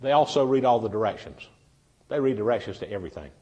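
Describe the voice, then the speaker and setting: A man's voice: on the low side, animated, fast talker, dark tone, highs cut off. A man giving a humorous seminar, telling folksy stories and talking directly to his audience. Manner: folksy storyteller, chatty, addresses the audience directly. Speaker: seminar speaker. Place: meeting room with a live audience.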